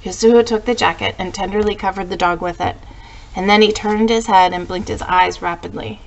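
A woman teacher reading a storybook aloud to her class in a gentle storytelling way. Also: mid-range voice, fairly even intonation, fairly quick, vocal fry, dull audio.

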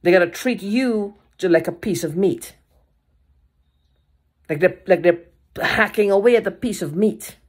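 A woman talking to the camera in an agitated, frustrated way, swearing, restarting sentences and repeating herself. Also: medium pitch. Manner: halting restarts and repeated phrases. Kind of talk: casual vlog monologue.

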